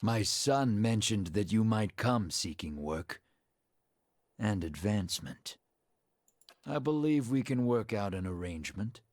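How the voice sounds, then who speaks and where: A stern scarred noble lord. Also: male voice, fairly low pitch, expressive, dry recording. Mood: formal. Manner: measured, formal and authoritative. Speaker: game character. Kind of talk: video game voice acting. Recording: dry studio voice with game music.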